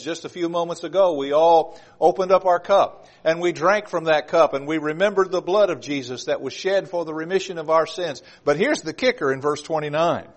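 A man preaching a sermon to his congregation, reading scripture aloud with slow, stressed emphasis and speaking to them in an earnest, direct way. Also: a little high.

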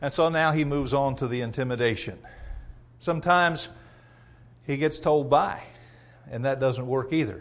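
A man's voice: medium pitch, moderate pace, long pauses. A male pastor preaching a sermon in a conversational, emphatic way, often chuckling and acting out what people say.

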